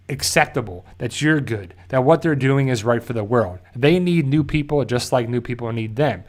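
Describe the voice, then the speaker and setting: Male reviewer at an everyday mid pitch, loosely talking through an episode recap and correcting himself along the way. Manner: rambling, self-correcting, loosely paraphrases scenes. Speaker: TV show reviewer.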